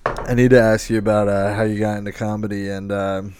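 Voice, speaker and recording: A man's voice: fairly low pitch, level tone, a little fast, a little mellow, slight background noise. A man in his late twenties hosting a podcast, chatting loosely and swearing, with a rambling, filler-heavy style. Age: 20s. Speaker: podcast host. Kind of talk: casual chat.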